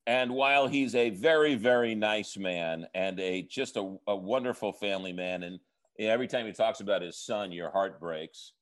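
A man co-hosting a podcast in casual, earnest chat. His voice sits somewhat low, and he pokes fun at himself as he talks. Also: normal speed. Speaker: podcast co-host.

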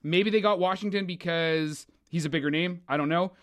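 A man co-hosting a film podcast, opinionated and animated, swearing and mocking actors in casual chat. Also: high voice, a little fast. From Canada. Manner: opinionated, animated, swears, mocks with put-on voices. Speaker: podcast co-host.

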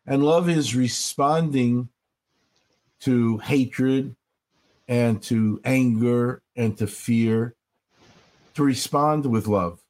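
An older man speaks in an earnest, storytelling way, often slowing down to lean on his key points. His voice sits at a middle pitch for a man, and he talks like a rabbi sharing reflections in a conversation. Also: a little mellow. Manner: earnest, storytelling, slows for emphasis. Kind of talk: reflective interview talk.

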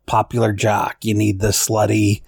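Husky middle-aged man podcast co-host. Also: lowish voice, completely flat delivery, darkish tone, no room sound, studio quality. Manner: easygoing, self-deprecating, quick to laugh. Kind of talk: casual chat.

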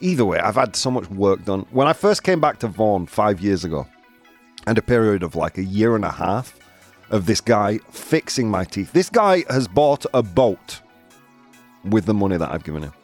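A man's voice: lowish voice, big pitch swings, normal speed, soft background music. A man hosting a live morning show, chatting casually and playfully, switching between languages and punching words for emphasis.

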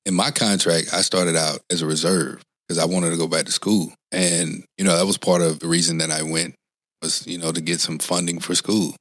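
In a dry recording, a deep, somewhat bright voice delivers flat speech at a moderate pace. It belongs to a former Marine in his forties who rambles earnestly through a casual interview, often restarting and adding "you know what I'm saying."

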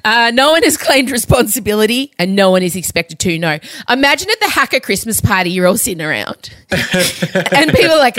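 A woman's voice: a little high, big pitch swings, fairly quick, fairly bright tone, no echo. A woman co-hosting a podcast, telling news stories in a chatty, giggly way. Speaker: podcast co-host. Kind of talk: casual chat.

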